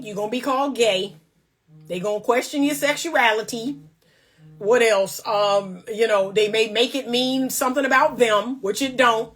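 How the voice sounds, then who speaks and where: A woman relationship coach talks straight to her audience with preachy emphasis. Her voice sits a bit high, and she hammers her points bluntly in a casual, faith-driven tone. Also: a bit bright. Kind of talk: casual faith-based commentary.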